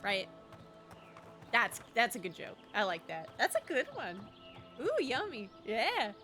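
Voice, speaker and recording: Bubbly Southern woman with a lively, bright voice. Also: on the high side, unhurried, soft background music. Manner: bubbly, chatty, laughs easily. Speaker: streamer. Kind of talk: casual livestream chat while gaming.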